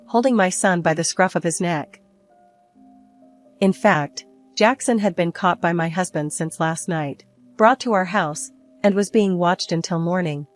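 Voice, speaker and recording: An older woman calmly narrating a story in the first person. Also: fairly low pitch. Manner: calm, even storytelling. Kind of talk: scripted narration.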